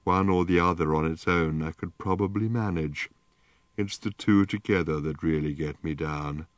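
A man voicing an ancient, rusted, depressed male robot in an audiobook, with a slow, groaning, gloomy drawl. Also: deep voice, no echo, close to an everyday voice.

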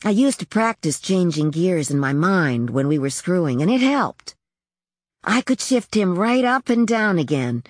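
A woman's voice: on the low side, very animated, unhurried, no echo, clean studio sound. A woman voicing a small-town teenage girl who dreams of trucking, telling her story in a plainspoken, matter-of-fact, chatty way. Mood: blunt, chatty. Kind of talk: audiobook character narration.

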